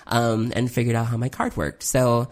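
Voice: mid-range voice, flat delivery, normal speed. A card game player giving a casual spoken recap of a tournament, rambling with lots of "um"s, now and then swearing, and openly critical of their own mistakes. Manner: rambling, self-critical, frequent ums, occasional swearing.

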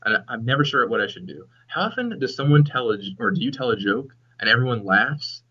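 Young guy talking fast and joking around, bright edgy voice, kinda dull lo-fi sound. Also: medium pitch, big pitch swings, breathy edge. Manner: quick, chatty, joking, restarts often. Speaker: game developer, guest. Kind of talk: casual podcast chat.

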